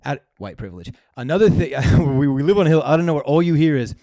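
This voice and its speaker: A young man co-hosting a comedy podcast, telling an animated, profane story in casual chat. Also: fairly high pitch, quick pace, no echo.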